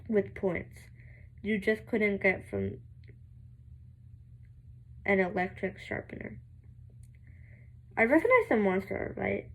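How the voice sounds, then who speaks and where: A young woman reading a novel aloud, halting and restarting words, with giggling asides. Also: medium pitch, vocal fry, low-quality recording. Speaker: amateur reader.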